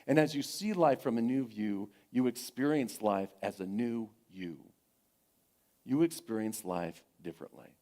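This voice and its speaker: A middle-aged man preaching a sermon as minister, gentle and encouraging, conversational, repeating his phrases and telling family stories. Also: medium pitch, measured pace.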